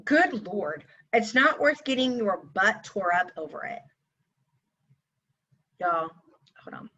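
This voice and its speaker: A woman's voice: medium pitch, lively intonation, slow pace, pushed and bright, slightly rough. A woman, a teacher and mother telling a casual storytime to camera in a sassy, exasperated way. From Texas. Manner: sassy, exasperated, talks straight to viewers. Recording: slightly dull lo-fi recording.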